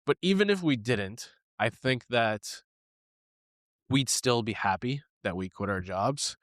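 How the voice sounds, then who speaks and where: A man's voice: medium pitch, expressive, a little slow, a bit bright, no echo. A man co-hosting a podcast, telling a personal story candidly and with animation, laughing now and then and swearing casually. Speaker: podcast co-host.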